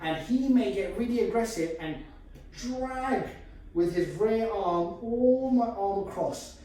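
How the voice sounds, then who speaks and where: A man's voice: high voice, slow pace, dark tone. A man teaching a martial arts technique, explaining step by step while he demonstrates. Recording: echoey room from far off, faint noise.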